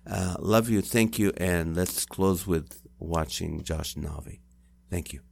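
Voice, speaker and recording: A man's voice: low voice, slow pace, gravelly, darkish tone. A man hosting a podcast, wrapping up with playful mock scolding of listeners. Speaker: podcast host. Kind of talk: podcast sign-off.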